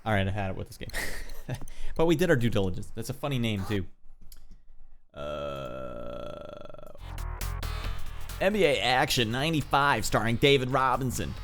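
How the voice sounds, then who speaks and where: A man's voice: medium pitch, lively intonation, fast talker, fairly bright tone, faint music behind. A man playing an old basketball video game on stream, commenting casually and grumbling at the controls with wisecracks. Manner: exasperated, wisecracking, swears lightly.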